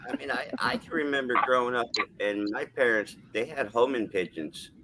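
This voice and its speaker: A man's voice: medium pitch, normal speed, very noisy. A man guesting on a casual chat, chiming in easily with memories of his own.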